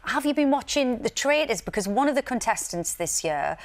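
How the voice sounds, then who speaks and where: A woman co-presenting a live magazine show, throwing in quick, joking asides. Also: on the high side, very animated. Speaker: co-host.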